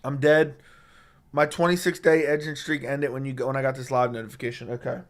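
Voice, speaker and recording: A man with a sore throat chats casually on a live stream into a studio dynamic microphone, speaking a little fast at medium pitch with little pitch movement. He reads viewer comments and trash-talks with chat in a blunt, profane way.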